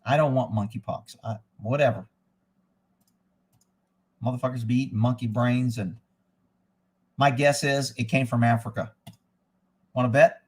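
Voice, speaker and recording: This livestream host rambles casually from inside his rural home, blunt and profane. His mid-range voice is husky, moving at a moderate pace with long pauses.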